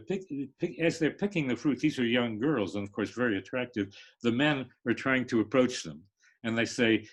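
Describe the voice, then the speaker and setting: Older male professor, husky tone, rambling lecture delivery with many fillers. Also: medium pitch. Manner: halting, many fillers and restarts, sings rhythms. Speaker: literature professor. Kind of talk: lecture-style discussion. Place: online live stream.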